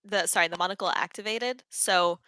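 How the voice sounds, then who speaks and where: A woman's voice: fairly low pitch, a little fast, sharp tone, no room sound, rough recording. A woman playing in a casual tabletop game, thinking aloud through her turn and chatting with her friends. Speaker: player.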